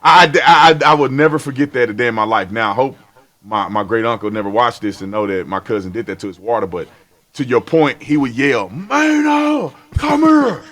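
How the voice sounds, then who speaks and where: A man talking as a guest in a casual chat, telling family stories with laughter and shouted imitations. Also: lowish voice, brisk. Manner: laughing storyteller, shouts out relatives' calls.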